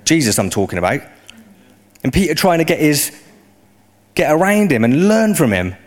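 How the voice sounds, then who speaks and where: A man's voice: fairly high pitch, moderate pace. Conversational male preacher. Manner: conversational, rising into animated emphasis. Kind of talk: sermon.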